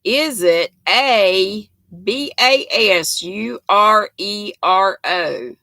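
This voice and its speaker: Slow, gravelly older Southern woman. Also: medium pitch, bright, forceful tone, no echo. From North Carolina. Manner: chatty and folksy, greeting viewers by name. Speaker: live-stream host. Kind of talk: casual live-stream chat reading viewer comments.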